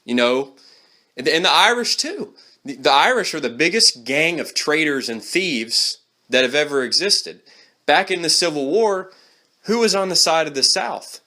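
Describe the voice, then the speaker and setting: A man's voice: fairly high pitch, expressive, normal speed, bright, forceful tone. A man giving a blunt, scornful opinion monologue straight to the camera. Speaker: vlogger.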